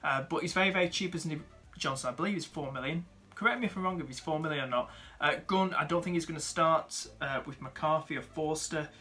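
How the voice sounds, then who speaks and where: A man's voice: fairly high pitch, fast, few pauses, sharp tone. A young man, chatting casually as he rates viewers' fantasy football teams, with lots of fillers and friendly asides. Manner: chatty, upbeat, many fillers, calls viewers mate and dude.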